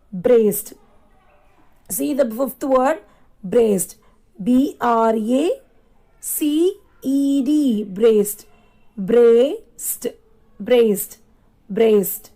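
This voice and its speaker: A woman teacher talks slowly and patiently, spelling each word letter by letter and repeating it several times. Her voice sits high for a woman. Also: warm tone, poor audio. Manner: slow, repeats and spells words aloud. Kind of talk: classroom lesson.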